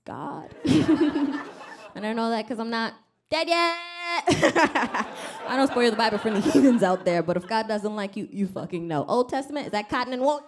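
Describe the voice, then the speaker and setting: A woman's voice: a little high, lively intonation, normal speed, noisy background. A woman from Rwanda doing a stand-up comedy set on stage, wry and self-deprecating, acting out other people's voices. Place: comedy club stage with live audience.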